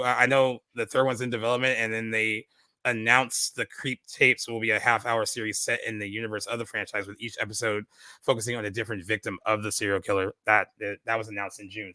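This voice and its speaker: A man's voice: mid-range voice, fairly even intonation, quick pace, bright, forceful tone, no echo. A man co-hosting a podcast, chatting casually about a film, rambling with lots of fillers and restarts. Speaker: podcast co-host. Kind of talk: casual film review chat.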